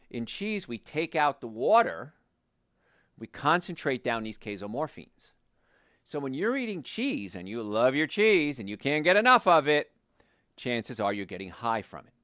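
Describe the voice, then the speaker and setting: A man's voice: no echo, studio quality. A man hosting a health talk show, speaking casually and telling stories about his patients. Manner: animated, storytelling, quotes patients in lowered voice. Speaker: health show host, doctor.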